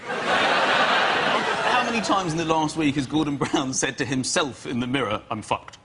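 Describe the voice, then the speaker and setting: A man on a comedy panel show, telling jokes and anecdotes in an animated way. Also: fairly high pitch, unhurried. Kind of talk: comic anecdote. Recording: noisy studio broadcast.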